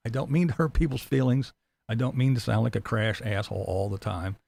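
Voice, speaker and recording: A man's voice: mid-range voice, steady tone, fairly quick, vocal fry, darkish tone, no room sound. A middle-aged man hosting a commentary channel, talking in a blunt, profane, mocking rant and acting out silly voices. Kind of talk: ranting commentary vlog.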